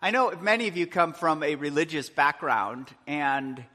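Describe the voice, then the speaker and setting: A man preaches in a church hall, his voice bright and slightly high. He talks earnestly, pushing up for emphasis and dropping low again. The sound carries a long hall reverb. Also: expressive, moderate pace. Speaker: pastor. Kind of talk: sermon.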